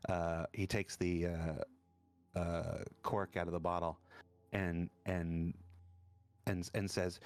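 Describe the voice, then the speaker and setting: Casting: laid-back male game master, low voice, dry close mic. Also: flat delivery, clean tone, no room sound. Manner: halting, many fillers and restarts. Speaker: dungeon master. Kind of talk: narrating a tabletop game.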